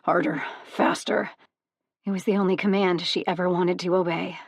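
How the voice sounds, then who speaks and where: A woman narrating an audiobook in a steady, even storytelling manner. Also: lowish voice, quick pace, dry recording. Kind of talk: scripted narration.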